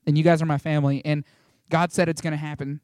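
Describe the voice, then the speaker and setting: A young man giving an informal, rambling testimony to a small church, excitable and full of fillers and restarts. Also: a little high, fast talker, dry recording, studio quality. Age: young adult.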